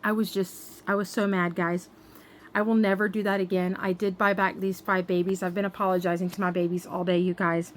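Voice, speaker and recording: A woman's voice: lowish voice, flat delivery, a little fast, slight background noise. A young adult woman telling an upset storytime to her vlog viewers, venting with many fillers and restarts. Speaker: doll collector vlogger.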